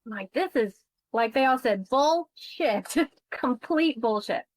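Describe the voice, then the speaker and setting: A woman who investigates insurance fraud tells her story as a podcast interview guest, speaking bluntly, emotionally, and swearing freely. Her voice is on the high side and slow yet animated, with no echo but poor audio quality.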